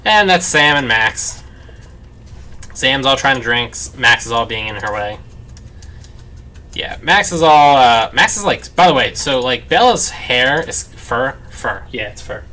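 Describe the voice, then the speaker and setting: Chatting casually over gameplay at his parents' place, this let's play host rambles and keeps saying "like," as dogs bark close by. He has a medium-pitched, expressive, sharp-toned voice and takes an unhurried pace.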